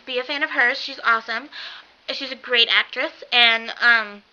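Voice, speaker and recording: A young woman excitedly gushing in a casual vlog, rambling with lots of fillers. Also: a little high, normal speed. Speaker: vlogger. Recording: dull lo-fi webcam sound with faint hiss.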